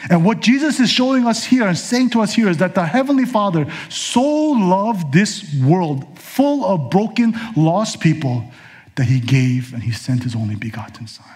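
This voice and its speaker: Male pastor, high voice, conversational sermon, casual asides.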